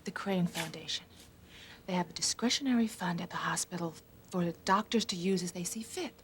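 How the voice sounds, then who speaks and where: An actress playing a caring doctor who speaks softly, often near a whisper. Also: female voice, fairly low pitch, brisk, a little hiss or hum, lightly acted. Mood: reassuring. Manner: soft, reassuring, often hushed.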